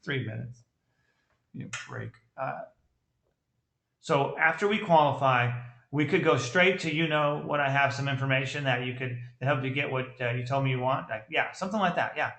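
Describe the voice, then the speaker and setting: A man coaching salespeople with blunt, animated commentary on a recorded call, laughing often. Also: mid-range voice, normal speed, vocal fry. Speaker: sales trainer critiquing a call. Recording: echoey room.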